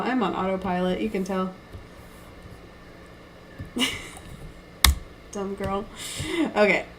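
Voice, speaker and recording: A woman's voice: mid-range voice, slight background noise, rough recording. A young woman artist streaming live, thinking aloud and reading chat in a giggly, self-deprecating way. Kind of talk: casual live-stream chat while painting.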